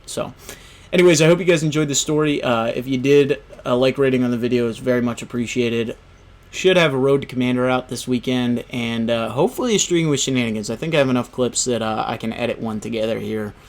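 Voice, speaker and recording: A man's voice: medium pitch, fast talker. A young man hosting a gaming video, telling a story in a casual, rambling way, full of "you know" and "right?". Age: young adult.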